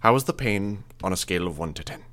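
A man's voice: low voice, animated, fast talker, a bit bright. A man voicing a clinical male medic with a hard-to-place accent who puts hard emphasis on syllables. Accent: hard-to-place foreign accent.

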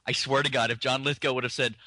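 A man's voice: mid-range voice, flat delivery, fast talker, bright, forceful tone, no echo. A man co-hosting a podcast, complaining wryly and laughing about a film in casual chat. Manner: wry, laughs often while complaining. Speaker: podcast co-host. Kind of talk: casual movie review chat.

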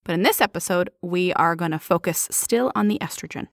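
A woman's voice: lowish voice, brisk, gravelly, no room sound, clean studio sound. A woman co-hosting a playful health podcast, explaining science and laughing often. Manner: giggly, explains science with jokes. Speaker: podcast co-host.

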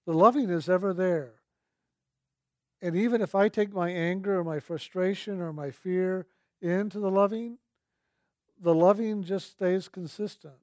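A man telling a personal spiritual story in a gentle, earnest way, slowly repeating his key phrases. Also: high-pitched, no echo, studio quality. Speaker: speaker sharing a personal testimony.

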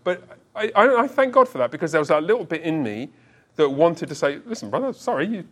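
A man's voice: a little high, sing-song. A man in his forties preaching a sermon as pastor, telling a story with self-deprecating humor and often restarting his words. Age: 40s. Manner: halting restarts, repeats words.

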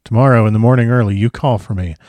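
A man voicing an old foreign professor who speaks grave, broken formal English in a measured way. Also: medium pitch, darkish tone, dry recording, natural voice. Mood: earnest. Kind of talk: audiobook character reading.

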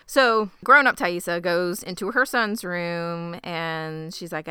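A woman's voice: on the low side, fairly even intonation, slow, few pauses, sharp tone, clean tone, no echo, clean studio sound. A woman casually retelling TV episode scenes, quoting the characters as she goes. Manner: chatty storytelling, quotes characters. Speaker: podcast co-host. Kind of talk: casual recap chat.

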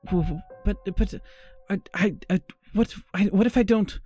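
A man's voice: high voice, normal speed, faint music behind, pitched above the performer's own voice, natural voice. Someone doing a stammering, clingy artist man. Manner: constant stammering, rising to frantic yelling.

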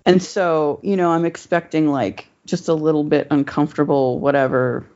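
A woman's voice: low-pitched, steady tone, normal speed, darkish tone. A woman telling a personal story in casual chat, rambling and swearing, with many fillers. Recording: dull lo-fi recording.

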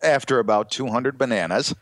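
A middle-aged man with a stuffy, congested nose rambles through stories with many hesitations as a podcast co-host. His voice sits at an everyday pitch, recorded close and dry. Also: fairly quick, a bit bright, no echo. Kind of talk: casual comedic chat.

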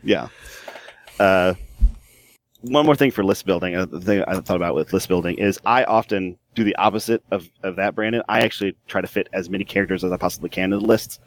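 Low-voiced man co-host, eager and rambling, casual chat. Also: brisk. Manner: enthusiastic, rambling with fillers. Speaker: podcast co-host.

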